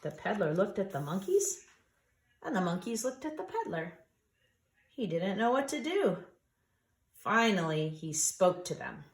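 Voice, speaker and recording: A woman reading a picture book aloud to preschool children, drawing out the words and inviting them to join in. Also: mid-range voice. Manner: expressive, drawn-out, asks listeners to join in. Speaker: storyteller for a preschool. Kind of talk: children's story read-aloud. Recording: echoey room.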